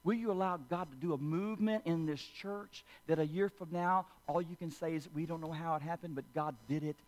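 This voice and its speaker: A man's voice: a little high, darkish tone. A man preaching a sermon, firing off repeated questions and leading the congregation in call-and-response. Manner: impassioned preaching, rapid-fire repeated questions. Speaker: pastor. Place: church sanctuary.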